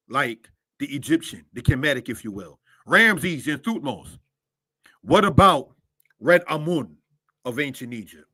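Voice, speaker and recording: A man's voice: on the high side, sharp tone, dry recording. A man teaching a scripture lesson in a preacherly way, walking through Hebrew words one at a time and asking his listeners rhetorical questions. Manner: preacherly, asks many rhetorical questions, addresses listeners as brothers and sisters; spells out Hebrew words line by line. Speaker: Torah teacher.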